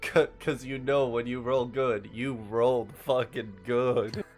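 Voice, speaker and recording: A man's voice: mid-range voice, fairly even intonation, darkish tone, soft background music. A man in casual tabletop game chat, teasing others dryly. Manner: slow, wry teasing. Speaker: player.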